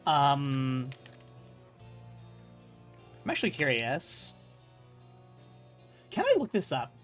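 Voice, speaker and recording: A man's voice: medium pitch, wildly swooping pitch, drawn-out words, soft background music. A man running a tabletop role-playing game as game master, casual and rambling, swearing freely.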